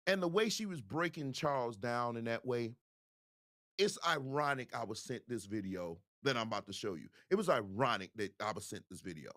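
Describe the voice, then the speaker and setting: A man's voice: mid-range voice, no echo, clean studio sound. A man hosting a video show, talking casually and straight to his viewers. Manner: animated, talks straight to viewers. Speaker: show host.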